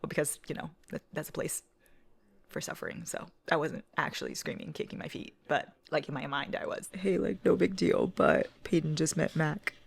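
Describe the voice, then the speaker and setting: Low, gravelly-voiced excitable young woman. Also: moderate pace. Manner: excitable, profane, gushing. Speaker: book vlogger. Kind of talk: casual reading vlog. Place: at home indoors.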